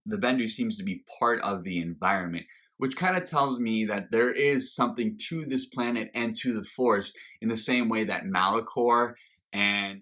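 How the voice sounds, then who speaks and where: Excitable male video reviewer, low voice with a bright edge, rambling. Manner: enthusiastic, rambling with fillers and restarts. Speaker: reaction video host. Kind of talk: casual review monologue.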